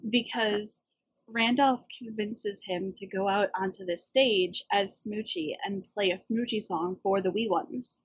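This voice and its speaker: A woman with a slightly husky voice talks through a film scene by scene on a podcast, keeping the tone casual and chatty. The sound is dry and close, but dull and a little lo-fi. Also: mid-range voice, a little slow, dry recording. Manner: animated storyteller, recaps scenes in detail. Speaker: podcast co-host. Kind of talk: casual movie discussion. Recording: dull lo-fi audio.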